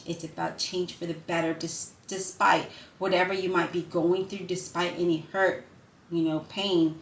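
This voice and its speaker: A woman with a fairly low, gravelly voice gives a casual spoken tarot reading in an echoey room with steady noise. Effusive and emotional, she keeps asking "right?" and calls her viewers "you guys".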